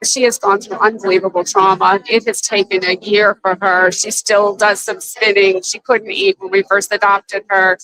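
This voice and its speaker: A woman's voice: medium pitch, little pitch movement, normal speed, few pauses, crowd noise, low-quality recording. A woman from Wisconsin, a local resident, giving an earnest, pleading statement at a press conference, with hesitant ums and uhs. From Wisconsin, USA. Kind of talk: impassioned public statement. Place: outdoor protest at a state capitol.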